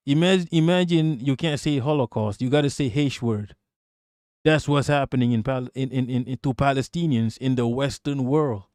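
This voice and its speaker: A man's voice: medium pitch, normal speed, a little mellow, dry recording, clean studio sound. A man giving a heated, profane live-stream rant, often repeating words as he pushes on.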